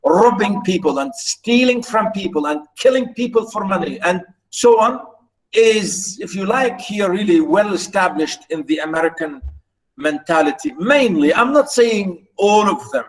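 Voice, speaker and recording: Guy teaching literature, pretty high voice, keeps repeating himself and explaining. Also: lively intonation, moderate pace, far from the mic, poor audio. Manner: repetitive, restarts phrases, explanatory; stresses British pronunciation. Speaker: literature lecturer. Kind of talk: lecture.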